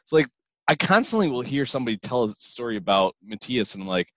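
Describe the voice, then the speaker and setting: A man hosting a podcast, talking in a relaxed way and repeating words as he starts a thought. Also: mid-range voice, brisk, no echo. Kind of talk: casual chat.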